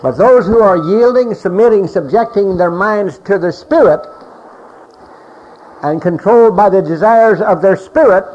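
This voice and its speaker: A man's voice: sits high, measured pace. Emphatic male preacher, dull lo-fi sound. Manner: emphatic, repeats phrases, rises and drops in volume. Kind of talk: sermon. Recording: dull lo-fi recording with faint hiss.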